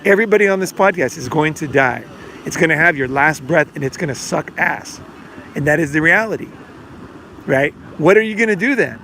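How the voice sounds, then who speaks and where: A middle-aged man with a slightly high, sharp, expressive voice speaks fairly quickly while hosting a podcast. As a life coach, he rambles casually, fills gaps with fillers, and dramatizes quoted dialogue, over a faint hiss or hum.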